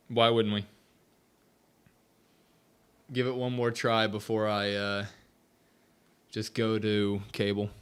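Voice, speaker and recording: Hosting a casual live stream, a man chats loosely, reads viewer comments aloud and grumbles about the tech as he gets set up. His voice is fairly low, a bit bright, clear and resonant.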